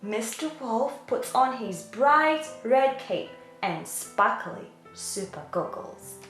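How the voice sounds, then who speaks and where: A woman hosting a children's channel who reads a bedtime story in a playful, animated, sing-song way. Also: a little high, slow pace. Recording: echoey room with faint music.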